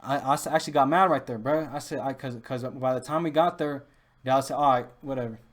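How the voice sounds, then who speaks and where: A man's voice: mid-range voice, quick pace. A young man, telling rambling stories casually with lots of restarts and street slang. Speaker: podcast host. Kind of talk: casual storytelling.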